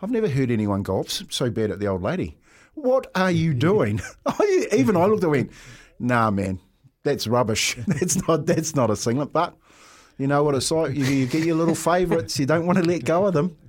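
A man with a New Zealand accent co-hosting a show, telling stories with lots of laughter and lively banter. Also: on the high side, fairly quick. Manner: laughing, storytelling, excitable. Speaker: radio show co-host. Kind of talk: casual banter.

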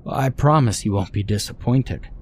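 A man's voice: lowish voice, moderate pace, slight background noise, close to an everyday voice. A man doing an eager, insistent inventor. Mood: assured. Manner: earnest, insistent. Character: eager male inventor with a miracle potion.

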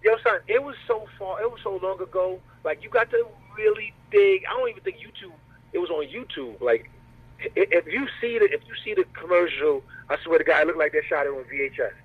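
A man with a husky, slightly high voice jokes in a relaxed, slangy way as a guest on an interview. He comes through a remote call, and the audio is thin and tinny, like a phone line. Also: brisk. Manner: laid-back, joking, slangy. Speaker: comedian guest. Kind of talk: casual interview over a call.

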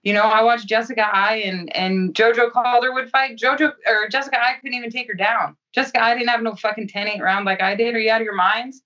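Woman fighter, cocky and profane, bright voice, distant lo-fi audio. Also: fairly high pitch, steady tone, fairly quick, hardly any pauses. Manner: blunt, profane, self-assured. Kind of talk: interview answers.

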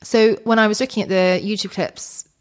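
A woman's voice: mid-range voice, moderate pace. Chatty woman podcast co-host. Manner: chatty, animated when quoting others. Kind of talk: casual chat.

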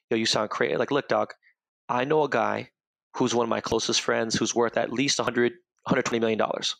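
A young man hosting a podcast, telling stories in a fast, profane rant and acting out the people he quotes. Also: medium pitch, creaky, a bit bright, dry recording. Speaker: podcast host.

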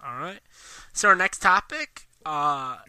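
A man talks casually as a podcast co-host, jumping between thoughts with plenty of "like" fillers. His voice is very bright and crisp. The sound is dry and close. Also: a little high, no echo. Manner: quick, animated, many "like" fillers. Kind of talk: casual chat.

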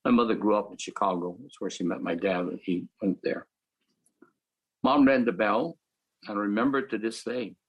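An older man from the Philippines, calmly telling his life story as a panel speaker. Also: fairly low pitch, normal speed, husky, poor audio. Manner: reflective, matter-of-fact storytelling. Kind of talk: personal storytelling.

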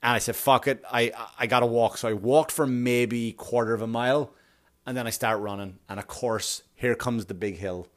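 A man tells a long story in a casual monologue with a mid-range voice. He is animated and self-mocking and swears freely. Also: medium pitch, normal speed.

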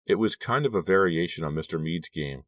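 A man narrating an audiobook in a steady, even reading. His voice is deep and low. The recording is dry and close, with no room sound. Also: fairly quick, no echo. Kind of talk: scripted narration.

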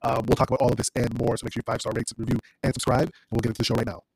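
A man's voice: medium pitch, level tone, very fast, gravelly. A man hosting a solo finance news podcast, talking casually with frequent ums and restarts while sick with sniffles. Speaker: podcast host.

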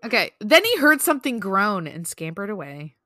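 A woman's voice: medium pitch, big pitch swings, normal speed, bright, forceful tone, no room sound, clean studio sound. A woman co-hosting a podcast, chatting casually, giggling, and reading creepy stories aloud with playful drama. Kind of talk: casual chat and story reading.

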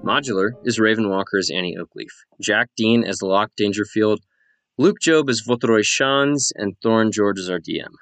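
A man reads end credits for a podcast in a brisk, even delivery. His voice sits low for a man. The sound is dry and close. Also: no echo. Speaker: podcast player and credits reader.

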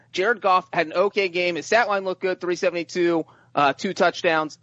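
A man on a sports podcast panel, excitable and chatty, often stumbling over his first words. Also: high-pitched, normal speed, hardly any pauses, no echo, lo-fi sound. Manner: excitable, repeats words when starting sentences. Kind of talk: casual sports chat.

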